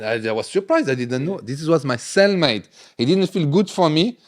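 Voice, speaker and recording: A man from France with a French accent, a native French speaker, telling animated stories about prison in broken English in a casual podcast conversation. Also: fairly high pitch, brisk. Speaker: guest.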